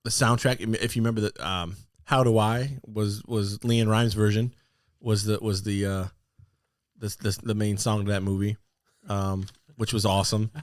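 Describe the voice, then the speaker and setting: A man co-hosting a casual podcast chat, rambling with lots of fillers and sudden excited outbursts. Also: fairly low pitch, normal speed, dry recording, clean studio sound. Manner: animated, excitable bursts between rambling fillers. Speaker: podcast co-host.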